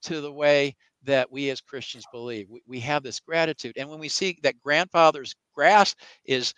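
An evangelical Christian guest in a conversational interview explains his faith through long anecdotes, acting out the quoted voices in his stories. His voice is on the high side, moderate in pace and a bit bright, clean with no echo, though the audio quality is poor.

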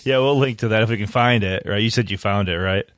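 Low-voiced male podcast host, dry sound. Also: fast talker, a bit bright, no echo. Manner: easygoing, laughing often. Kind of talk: casual chat.

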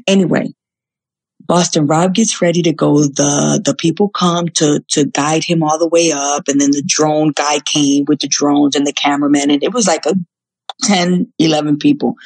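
A woman guest telling a story in a casual interview, animated, swearing casually and acting out the quotes. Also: low-pitched, moderate pace, slightly rough. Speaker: guest, former reality show contestant.

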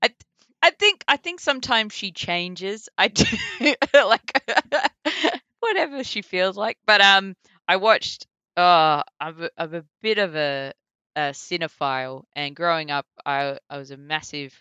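A chatty Australian woman with a bright, crisp voice and a somewhat low pitch. She talks casually, dotted with likes and ums. The recording is dry and close. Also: a little slow, no echo, muffled recording. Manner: chatty, full of likes and ums, laughs often. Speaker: voice actor guest. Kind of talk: casual interview chat.

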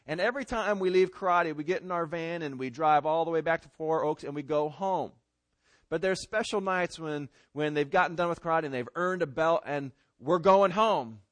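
Folksy pastor preaching in a dry room. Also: male voice, a little high, no echo. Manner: folksy, conversational preaching with homespun comparisons. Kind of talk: sermon.

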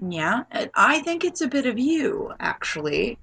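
A woman co-hosting a casual gaming podcast, playful and drawn-out, with many filler words. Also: on the high side, big pitch swings, vocal fry, fairly bright tone, husky. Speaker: podcast co-host.

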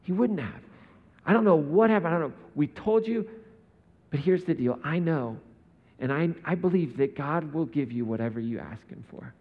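A man voicing Martha, a grieving and bewildered adult woman, in a pleading, halting way. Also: a little high, animated. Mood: pleading grief. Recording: dull sound in a reverberant hall.

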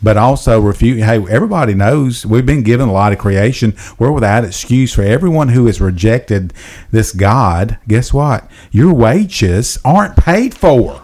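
A male podcast co-host getting animated as he preaches, with direct appeals to the listener. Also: medium pitch, normal speed. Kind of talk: preaching-style Bible discussion.

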